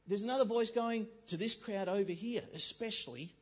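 A man's voice: high voice, unhurried. A man giving a conversational sermon in a church, joking with the congregation and acting out the voices in people's heads. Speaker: pastor.

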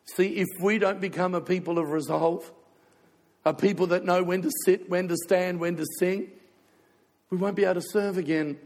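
A man's voice: high voice, steady tone, moderate pace, a little mellow, in a large hall. An older man preaching a sermon as a pastor, telling a heartfelt personal story in an emotional way, fighting back tears.

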